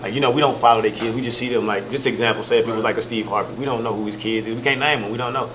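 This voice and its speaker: Young man, casual slangy interview talk, quick delivery, background hum. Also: medium pitch. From Milwaukee, Wisconsin. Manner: relaxed, slangy storytelling with frequent fillers. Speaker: comedian and social media creator. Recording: noisy background ambience.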